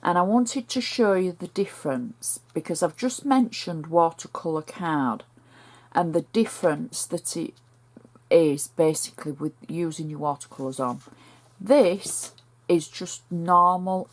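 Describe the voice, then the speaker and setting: A woman's voice: sits low, animated, unhurried. A woman with a northern English accent talking through a card-making project step by step in a chatty, homely way. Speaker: crafter demonstrating a card project. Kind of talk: step-by-step craft tutorial.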